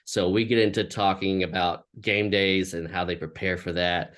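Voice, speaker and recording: A man co-hosting a casual podcast, laid-back and halting, often repeating his words. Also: low-pitched, little pitch movement, fairly bright tone. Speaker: podcast co-host, creative director.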